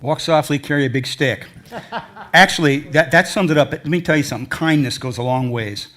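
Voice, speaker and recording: A man's voice: on the high side, fairly quick, fairly bright tone. An older man giving a presentation to an audience, telling rambling, folksy stories from his travels. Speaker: adventure travel speaker. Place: lecture hall before an audience.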